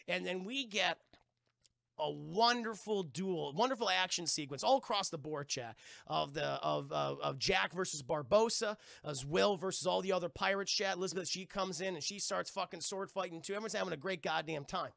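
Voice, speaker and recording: A man streamer giving an excitable, profane casual movie recap, acting out scenes as he goes. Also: high voice, brisk, vocal fry, no room sound, studio quality.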